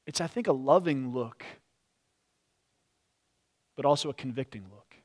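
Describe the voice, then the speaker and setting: A male pastor with a medium-pitched voice preaches a sermon in church, telling the story expressively and dropping into quiet, slow tones at solemn moments.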